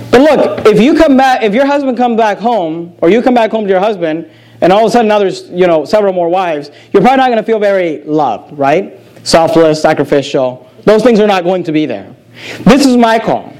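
High-voiced man preaching a sermon. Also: lively intonation, a little fast, darkish tone, rough recording. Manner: earnest, repeats phrases, asks the congregation questions. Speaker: pastor.

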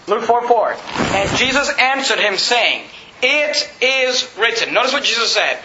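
High-voiced preacher man in roomy church. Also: very animated, a little slow, slight background noise. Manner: emphatic, repetitive preaching with rising shouts. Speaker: pastor. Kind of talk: sermon. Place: church hall. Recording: roomy, slightly dull, congregation audible. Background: congregation responding.

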